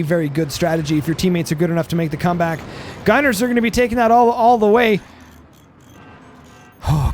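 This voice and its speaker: A man's voice: sits high, slight background noise. A young man commentating a strategy game, rambling with fillers and losing his voice. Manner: energetic, rambling, with frequent fillers. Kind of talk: gameplay commentary.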